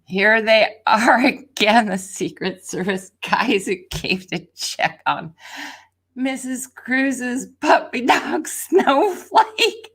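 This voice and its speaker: A woman streaming a live tarot reading, excitable and laughing a lot, dropping to whispers and then bursting into shouts. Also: on the high side, slow pace, slightly rough. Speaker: tarot reader.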